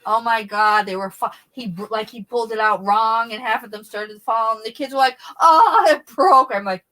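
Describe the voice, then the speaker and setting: A woman's voice: fairly high pitch, fairly quick, low-quality recording. A middle-aged woman hosting a casual livestream, telling a funny story to her chat, swearing and laughing as she goes. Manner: animated, swearing, laughing mid-sentence. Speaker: livestream host reading chat.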